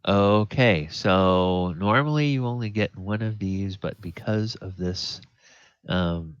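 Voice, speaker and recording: Deep-voiced guy dming a tabletop game, slow and unhurried, lots of ums, dull lo-fi sound. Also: clean tone, no echo. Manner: unhurried, thinks aloud with fillers. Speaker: game master. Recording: dull lo-fi audio.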